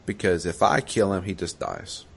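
A man with a very low voice tells a video game story in casual conversation. He is animated and laughs often. He swears freely as he talks. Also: normal speed, creaky, husky. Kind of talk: casual gaming chat.

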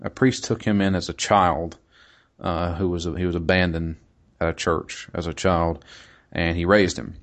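A man with a deep, low-pitched voice chatting informally about a video game he is playing. He talks in a loose, hesitant way, circling back with "um" and "uh" and restarting his sentences as he goes. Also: level tone, unhurried. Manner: hesitant, many fillers and restarts. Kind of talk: casual podcast chat.

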